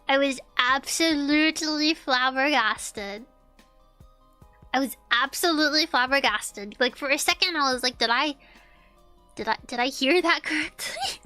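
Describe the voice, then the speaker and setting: Young woman streamer, high bright voice, animated and profane casual storyteller, faint music under her. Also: no echo. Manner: animated, swearing, repeats lines, laughs often.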